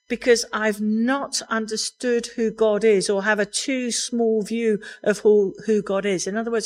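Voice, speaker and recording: A middle-aged woman preaching a sermon in an earnest, conversational way, laughing lightly now and then. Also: mid-range voice.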